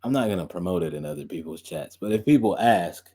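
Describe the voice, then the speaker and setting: A man's voice: low-pitched, expressive, fast talker, warm tone, slightly rough. A young man hosting a podcast and stream, chatting loosely with lots of fillers and laughs. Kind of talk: casual rambling chat.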